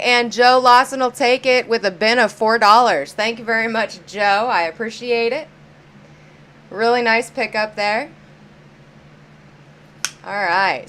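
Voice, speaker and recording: A woman's voice: on the high side, fairly bright tone, slight background noise. A woman hosting a live-stream auction, chatty and upbeat, greeting viewers by name as she counts down bids.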